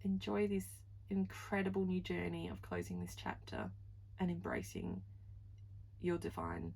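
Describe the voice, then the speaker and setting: A woman's voice: lowish voice, big pitch swings, moderate pace, gravelly, darkish tone, breathy edge, rough recording. A woman giving a pick-a-card tarot reading, gushing and heartfelt, full of "like" and "you know", moved close to tears. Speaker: tarot reader.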